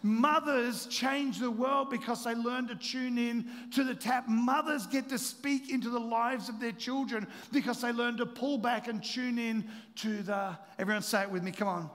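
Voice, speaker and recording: A man preaching a sermon, impassioned and repetitive, building to loud emphatic peaks. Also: extremely high pitch. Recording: long hall reverb.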